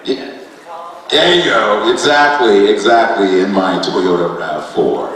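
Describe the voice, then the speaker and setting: A man's voice: lowish voice, takes it slowly, crowd noise. A man, a voice actor guest, chatting animatedly and laughing often during a convention panel Q&A. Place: convention hall stage. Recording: echoey convention hall, mic from a distance.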